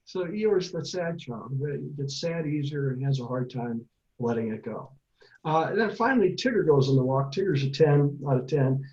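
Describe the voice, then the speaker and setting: A man's voice: a little high, expressive, moderate pace, a little mellow, muffled recording. A middle-aged man, a therapist and author, giving a casual online talk to parents, telling stories with many fillers.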